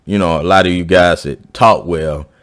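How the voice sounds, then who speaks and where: A man's voice: fairly even intonation, moderate pace, a bit bright. Southern man ranting casually to camera. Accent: Southern US, South Georgia. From South Georgia, US. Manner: rambling, repeats and restarts, pitch rising when emphatic. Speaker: YouTube commentator. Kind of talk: casual opinion monologue.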